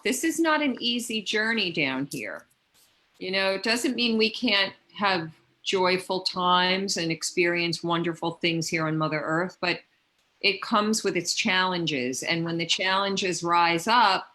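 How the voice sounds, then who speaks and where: Bright-voiced heartfelt woman. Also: fairly low pitch, poor audio. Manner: gentle, heartfelt, rambling with restarts. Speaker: guest. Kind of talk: spiritual conversation.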